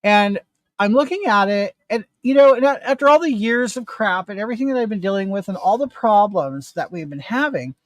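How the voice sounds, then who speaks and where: A man's voice: high voice, brisk, dry recording. A middle-aged man casually telling an indignant personal story to the camera while doing his makeup. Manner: animated, indignant retelling with rising emphasis. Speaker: vlogger.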